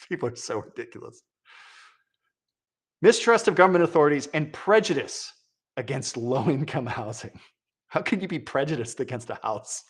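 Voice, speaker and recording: A man's voice: medium pitch, lively intonation, moderate pace, pauses often, husky. A man giving sarcastic, exasperated political commentary, mocking what he reads aloud. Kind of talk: opinion commentary.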